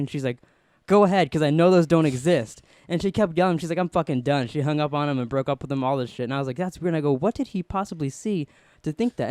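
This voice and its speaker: A man hosting a podcast, telling a story in a casual, animated way and acting out the people he quotes. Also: fairly high pitch, no room sound, studio quality. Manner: animated, acts out quoted voices. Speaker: podcast host.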